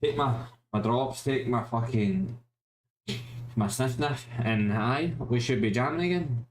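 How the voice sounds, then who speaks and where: A relaxed Glaswegian man talking loosely with his mates on a live stream. His voice sits at an ordinary pitch, and his chat is easygoing and peppered with swearing. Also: unhurried. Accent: Glaswegian Scottish. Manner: laid-back, swears often, says mate a lot. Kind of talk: casual chat with friends.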